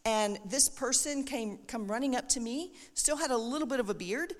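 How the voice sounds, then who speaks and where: A middle-aged woman giving an animated church testimony, acting out the voices of the people she quotes. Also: fairly high pitch, normal speed. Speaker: missionary speaker. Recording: echoey hall with long reverb.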